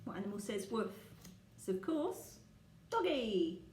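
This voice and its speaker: A woman's voice: medium pitch, very animated, unhurried, a little mellow, slight background noise. A woman leading a guessing game for young children, speaking patiently and asking the listener questions. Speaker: children's teacher. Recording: echoey room.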